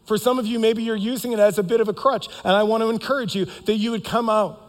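A man preaching a sermon as pastor of a church, earnest and emphatic, with sudden loud bursts. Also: high-pitched, steady tone, fast. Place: church sanctuary. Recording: long reverb of a church hall, faint music.

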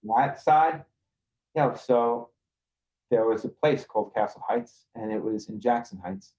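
A man from Queens, a podcast guest telling rough street stories in a swaggering, profane way over a video call. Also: medium pitch, a little slow, darkish tone, dull audio. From Queens, New York. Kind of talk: casual storytelling.

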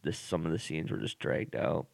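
A man's voice: very deep voice, moderate pace, gravelly, a little mellow, dry recording, studio quality. A man co-hosting a podcast in casual chat, rambling with many fillers and restarts. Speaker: podcast co-host.

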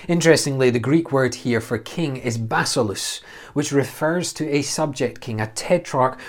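Man, mid-pitched voice, Bible teacher, verse-by-verse teaching, earnest, asks and answers his own questions.

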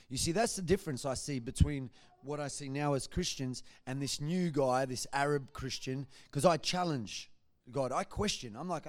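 A man giving a church testimony, telling his story in a lively way and acting out what people said. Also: mid-range voice, normal speed. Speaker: guest speaker giving testimony.

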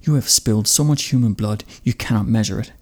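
A man's voice: on the low side, a little fast, a little mellow, close to an everyday voice. A man reading a blunt defiant young son. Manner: cold and blunt.

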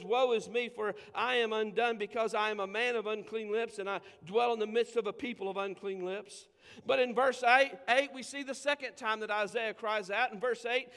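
A man preaching a sermon as pastor, with emphatic delivery, drawn-out scripture quotes and conversational asides to the congregation. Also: very high voice, a bit bright, big-room sound. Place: church sanctuary.

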